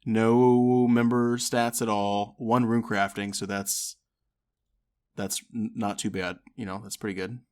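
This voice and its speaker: A man co-hosting a podcast in casual chat, easygoing and a bit halting. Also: fairly low pitch, little pitch movement, a little mellow. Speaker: podcast co-host.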